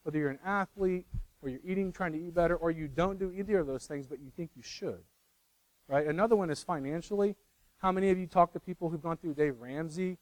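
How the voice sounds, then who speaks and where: Middle-aged male pastor, chatty sermon delivery, a touch high-pitched, dry recording. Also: no echo, rough recording. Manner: conversational, self-correcting, teases the congregation. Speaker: preacher.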